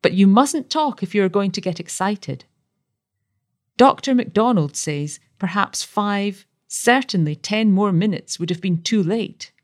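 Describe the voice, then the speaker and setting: A woman's voice: mid-range voice, animated, a little slow, close to an everyday voice. A woman reading as a gleeful young wife. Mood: soothing. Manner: coaxing, bright storytelling.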